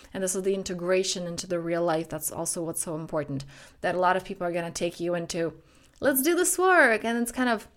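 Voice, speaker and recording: Earnest woman coach, flowing monologue. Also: fairly low pitch. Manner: flowing, earnest, repetitive phrasing. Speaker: self-growth coach. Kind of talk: podcast monologue with guided breathing.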